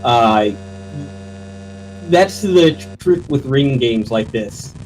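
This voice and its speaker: A man's voice: medium pitch, lively intonation, slow pace, darkish tone, slight background noise, low-quality recording. A man co-commentating a game race casually, explaining how the game works. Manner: explanatory, chuckling asides. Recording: faint game music behind.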